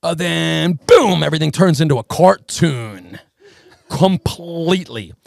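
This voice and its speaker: Gravelly man telling a wild story. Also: fairly high pitch, measured pace, dry recording. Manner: animated storyteller, acts out voices in quotes. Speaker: podcast co-host. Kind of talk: casual storytelling chat.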